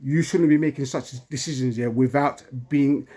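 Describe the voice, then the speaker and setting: A man's voice: mid-range voice, steady tone, moderate pace, dark tone. An emotional man, ranting in an impassioned monologue from his home and constantly asking if you understand. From England. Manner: agitated, keeps asking "you understand, yeah?".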